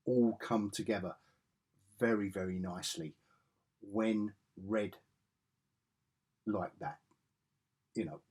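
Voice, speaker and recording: A man's voice: on the low side, breathy edge. A middle-aged man vlogging a casual, rambling comic book review in a chatty, self-interrupting way.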